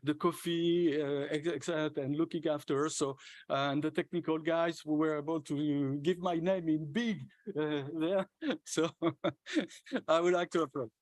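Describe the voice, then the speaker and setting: A man giving closing remarks at a conference as its organizer, thanking everyone in a halting way with many hesitations and restarts. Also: on the high side, fairly even intonation, no room sound. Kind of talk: closing speech thanking participants. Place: conference hall stage.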